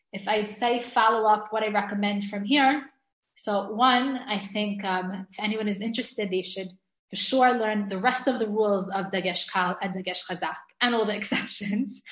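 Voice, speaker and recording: A woman's voice: medium pitch, roomy sound. A woman teaching an online class, chatty and enthusiastic, often laughing and restarting her sentences. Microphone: video call.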